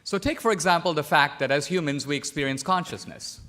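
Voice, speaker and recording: A man's voice: on the high side, a little fast, sharp tone. A man from India, a debater making pressing, argumentative points on a stage in a large auditorium. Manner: pressing, argumentative, quotes opponent's words back.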